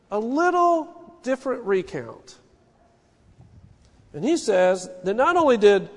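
A man in his forties preaching a sermon, telling stories with an animated, folksy manner. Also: very high-pitched. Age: 40s. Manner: storytelling, animated, folksy asides. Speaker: pastor. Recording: long hall reverb.

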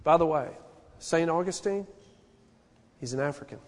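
High-voiced preacher in a reverberant hall. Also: male voice, normal speed. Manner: impassioned, rising and falling preaching delivery. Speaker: pastor. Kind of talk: sermon.

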